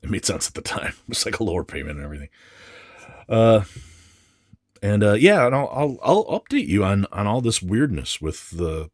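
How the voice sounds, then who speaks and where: A man's voice: fairly low pitch, big pitch swings, normal speed, no echo, studio quality. A man vlogging while unboxing comics, grumbling and swearing in a casual, exasperated rant. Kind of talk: casual ranting unboxing vlog.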